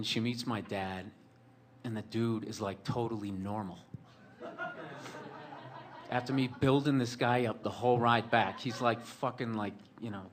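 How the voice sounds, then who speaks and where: Guy rambling thru a story, swears a lot, dry sarcastic, lots of likes and you knows, bit of faint noise behind. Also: medium pitch. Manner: rambling, profane, sardonic storytelling with many fillers. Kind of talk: storytelling monologue.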